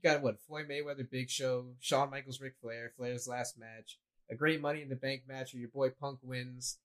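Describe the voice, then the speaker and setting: A young adult man co-hosting a casual chat, an animated storyteller who acts out what people said. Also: medium pitch, moderate pace. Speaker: co-host.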